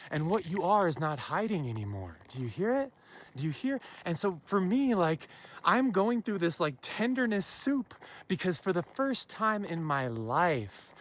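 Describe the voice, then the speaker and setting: Woman speaker, earnest solo talk to camera, slows to stress key phrases, asks listeners questions. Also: lowish voice. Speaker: self-help speaker. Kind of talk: impassioned spiritual monologue.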